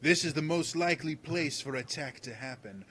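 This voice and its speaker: A man's voice: on the high side, moderate pace, a bit bright, slightly rough, pitched above the performer's own voice. A man voicing a pompous, self-important male guard captain who declaims grandly.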